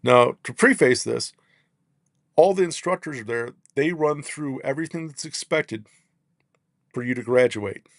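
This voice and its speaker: A man, a podcast guest, telling long rambling stories in casual chat and tagging his points with quick checks on the listener. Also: mid-range voice, no echo, clean studio sound. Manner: rambling, peppers lines with "right?". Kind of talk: casual storytelling.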